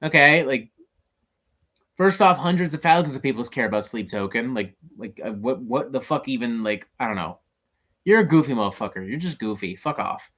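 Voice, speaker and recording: A man's voice: medium pitch, lively intonation, moderate pace, a bit bright, highs cut off. A man hosting a show, ranting in casual talk, profane and exasperated. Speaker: host.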